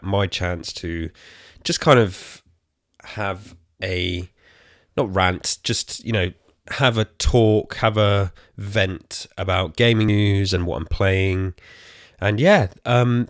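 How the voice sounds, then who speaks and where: A British man in his thirties hosting a casual solo gaming podcast from a quiet room at home, rambling and slightly out of breath. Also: lowish voice, no room sound, clean studio sound. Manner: rambling, chatty, self-correcting asides. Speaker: podcast host.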